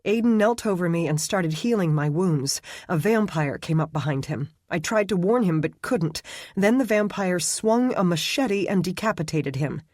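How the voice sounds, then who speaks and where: A man's voice: high-pitched, lively intonation, normal speed, darkish tone, dry recording, studio quality. A man voicing a frightened, stubborn young psychic woman in an urgent, insistent way. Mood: shaken.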